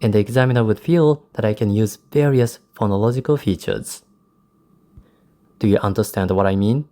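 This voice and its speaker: Japanese guy teaching english test prep, soft mellow voice, walks through examples. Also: on the low side, moderate pace. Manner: explanatory, demonstrates intonation in quoted examples. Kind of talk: recorded lesson.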